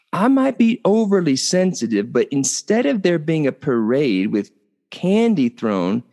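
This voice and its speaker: Middle-aged male host, animated storyteller, very expressive pitch. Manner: animated, conversational, tags points with "okay?". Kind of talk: storytelling talk.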